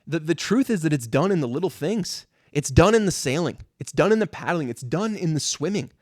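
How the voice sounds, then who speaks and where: Young male podcast host, high voice, dry close sound, fervent exhorting faith talk. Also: expressive, brisk, a little mellow, dry recording. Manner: fervent, exhorting, repeats words when stirred. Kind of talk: impassioned Christian motivational talk.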